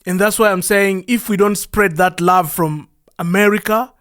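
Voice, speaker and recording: A man's voice: high-pitched, steady tone, moderate pace, a bit bright. A man from the Democratic Republic of the Congo with a Congolese accent, hosting a podcast in an earnest, rambling monologue that asks itself questions. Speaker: podcast host. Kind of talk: casual monologue.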